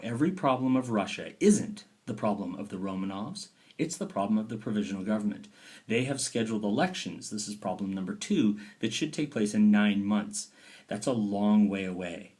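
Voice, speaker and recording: Lively man teaching a history lesson. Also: fairly low pitch. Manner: lively, dips into playful whispers and mock quotes. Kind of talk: recorded history lecture.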